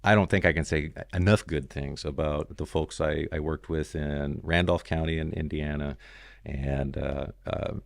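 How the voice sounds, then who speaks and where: Low gravelly guy rambling through a story on a podcast, lots of "you know, man". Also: steady tone, moderate pace, no room sound. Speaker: podcast guest. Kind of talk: casual storytelling interview.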